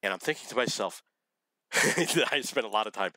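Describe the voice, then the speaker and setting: A man's voice: on the low side, animated, normal speed, bright, forceful tone, dry recording. A middle-aged man telling rambling personal stories in a blunt, opinionated way, laughing at his own memories. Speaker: vlogger telling dating stories.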